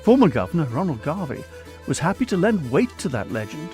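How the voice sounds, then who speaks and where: A man presenting a radio documentary in measured, storytelling narration. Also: fairly high pitch, very animated, over music. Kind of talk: scripted narration.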